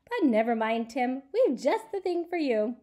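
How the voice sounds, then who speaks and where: A woman's voice: sits high, sing-song, normal speed, mellow. A woman voicing the sly, teasing male leader of the wee folk in a storybook. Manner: teasing, mocking.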